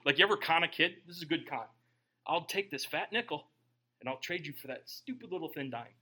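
A middle-aged man preaches a humorous sermon, joking with the congregation and alternating quiet asides with loud, shouted bursts. His pitch is fairly high and his pace fairly quick, with an animated delivery.

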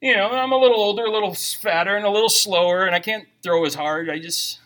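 A man's voice: high-pitched, fast, bright, forceful tone. A middle-aged man preaching a sermon, mixing jokes with scripture reading in a conversational way. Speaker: pastor.

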